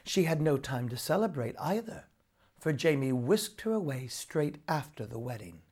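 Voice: medium pitch, husky. A narrator reading a folk tale aloud in a storybook reading style. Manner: expressive, slow storytelling.

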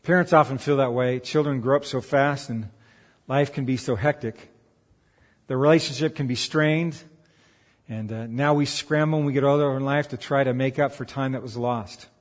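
A man delivering a sermon, swinging from emphatic raised peaks to quiet, earnest asides. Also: medium pitch, fairly even intonation, normal speed, in a large hall. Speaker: pastor.

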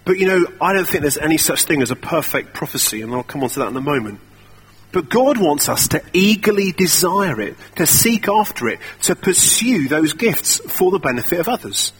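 A man's voice: on the high side, very animated, brisk, a bit bright, husky. A young man preaching a sermon in a conversational, self-deprecating storytelling way.

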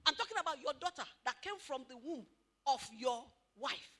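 A woman giving an animated talk at a couples' marriage seminar, questioning the audience and acting out what spouses say. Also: sits high, moderate pace. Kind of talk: lively motivational talk to an audience.

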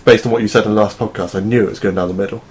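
Man, quick talker, teasing football podcast host. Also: fairly low pitch, steady tone, crowd noise. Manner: joking, teasing. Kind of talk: casual football chat.

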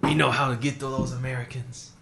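A man voicing a sly male terrorist plotter in a mock Mexican accent, muttering low and conspiratorially. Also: flat delivery, a little fast, gravelly, fairly bright tone. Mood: scheming. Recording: roomy echo.

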